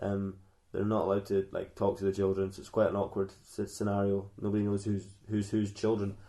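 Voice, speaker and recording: A man co-hosting a comedy podcast, telling a story in a rambling, giggly way with lots of halting restarts. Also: lowish voice, completely flat delivery, warm tone. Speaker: podcast co-host.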